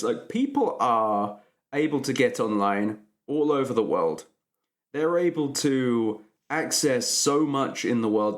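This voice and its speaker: A man hosting a podcast, riffing with sarcastic jokes and animated opinions in casual chat. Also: mid-range voice.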